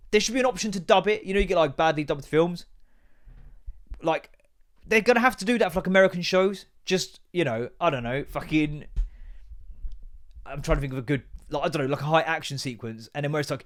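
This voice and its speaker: A man, hosting a casual solo podcast and ranting in a sweary, sarcastic, animated way. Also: fairly high pitch, fast. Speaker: podcast host.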